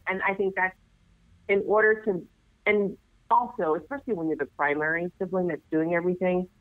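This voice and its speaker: An earnest woman guest, a nurse who runs assisted living, talks about caregiving in a casual, lively way. Her voice sits on the low side and comes through a tinny phone line with no room sound at all. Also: dry recording. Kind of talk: casual advice chat.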